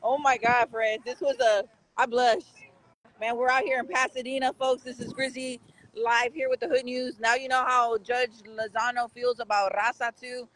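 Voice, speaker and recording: A man's voice: very high voice, little pitch movement, moderate pace, pushed and bright, low-quality recording. A man hosting a casual live street-news stream outside a courthouse, rambling and talking straight to his viewers.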